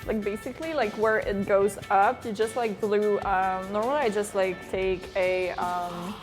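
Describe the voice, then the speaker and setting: A woman's voice: mid-range voice, fairly even intonation, a little slow, faint music behind. A young woman cosplay guest explaining a wig technique, hesitant with many ums.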